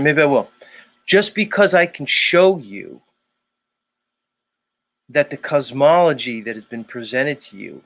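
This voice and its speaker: A man hosting a live stream, ranting in a heated, profane way and then talking himself calm. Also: medium pitch. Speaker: livestream host. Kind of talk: casual live-stream rant.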